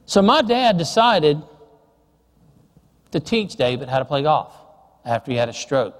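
A middle-aged man preaching a sermon, telling a family story and dropping soft and slow on serious points. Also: on the high side, big pitch swings, in a large hall.

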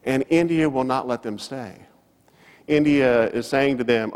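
Man, pastor, sermon, animated storytelling delivery, mid-pitched voice, long church-hall reverb. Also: moderate pace, clean tone. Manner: storytelling preacher, rises and falls for emphasis.

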